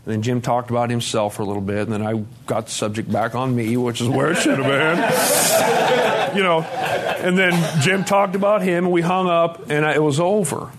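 A man giving a candid personal testimony at a conference, dropping to a hush and then rising loud and laughing. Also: medium pitch, slight background noise. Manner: candid, swings between hushed and loud, laughing. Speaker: speaker sharing his recovery story. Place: conference hall.

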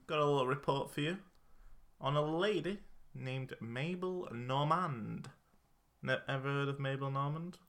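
Bright-voiced joking male podcast host. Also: medium pitch, unhurried. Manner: joking, rambling, with fillers. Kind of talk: casual chat.

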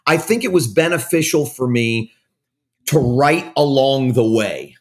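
A man's voice: mid-range voice, lively intonation, measured pace. A man speaking as a guest author in an interview, frank and self-deprecating, often restarting his sentences. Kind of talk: candid conversational interview.

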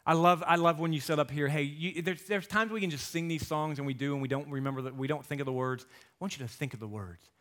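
A man in his thirties or forties preaching a sermon as a guest speaker and coach, telling stories and acting out quotes with lively energy. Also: fairly high pitch, quick pace. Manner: animated storytelling, acting out quotes.

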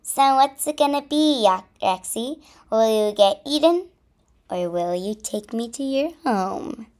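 Storybook villain: a cunning hungry crow voiced by a woman reader, slow, sly delivery. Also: fairly high pitch, lively intonation, a little mellow. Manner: sly, bossy. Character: scheming hungry male crow.

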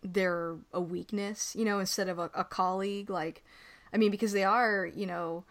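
A woman's voice: medium pitch, steady tone, normal speed, fairly bright tone. Tentative woman thinking aloud about a film. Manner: tentative, hedging with "like" and "I don't know". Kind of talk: casual film discussion.

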